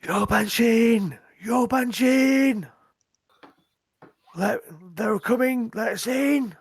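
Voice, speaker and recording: Man doing a wounded scout, shouting high and panicked. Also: extremely slow, husky, exaggerated voice. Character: injured young male scout shouting in panic.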